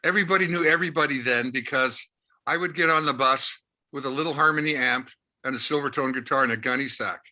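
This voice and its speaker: A man, telling anecdotes in a lively way as an interview guest and acting out the dialogue. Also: medium pitch, fast. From Canada, Winnipeg. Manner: lively anecdotal storyteller who acts out dialogue. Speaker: interview guest, rock musician. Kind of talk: casual storytelling interview.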